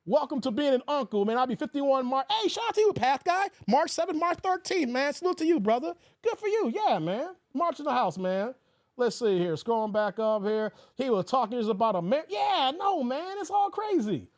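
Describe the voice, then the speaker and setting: A man hosting a casual live stream, talking in an animated, joking way and mimicking other voices. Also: very high voice, moderate pace, dry recording, clean studio sound. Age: 40s. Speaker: YouTube commentary host.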